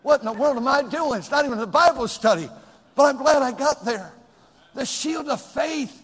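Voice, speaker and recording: A middle-aged male pastor preaching a sermon, swinging between loud exclamations and hushed, close remarks. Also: very high-pitched, lively intonation, brisk, slightly rough. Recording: long hall reverb.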